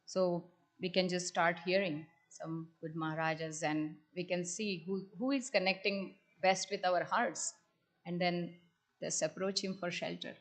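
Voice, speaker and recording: A woman's voice: fairly low pitch, fairly even intonation, normal speed. Woman reading and explaining devotional takeaways. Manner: reads aloud, then explains in her own words. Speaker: temple speaker.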